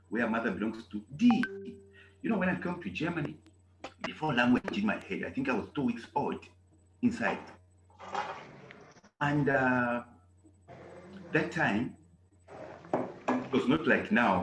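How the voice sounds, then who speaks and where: A man from Zambia, teaching a German class in an animated way and repeating key phrases. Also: mid-range voice. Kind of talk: online class lecture. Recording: echoey room with faint noise.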